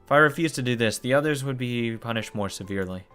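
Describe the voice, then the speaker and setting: Talking fast in a mid-range, fairly bright and clean voice over soft background music, a man reads a visual novel aloud for a let's play. His reading is broken up by shocked cursing and groans.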